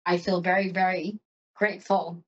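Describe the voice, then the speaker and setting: A woman's voice: lowish voice, little pitch movement, moderate pace, highs cut off. A woman hosting a psychic show, giving an emotional and chatty tarot reading.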